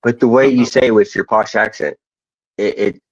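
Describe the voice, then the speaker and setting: An American man chatting casually on a stream, talking haltingly and keeps losing his train of thought. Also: fairly low pitch, steady tone, no room sound. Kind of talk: casual chat. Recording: dull, dry lo-fi mic.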